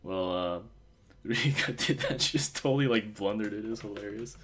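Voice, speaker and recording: Man, casual podcast co-host, low voice, rambling with lots of fillers. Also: normal speed, a bit bright, husky. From Osaka. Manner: rambling, chatty, many fillers and restarts. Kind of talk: casual fan podcast chat.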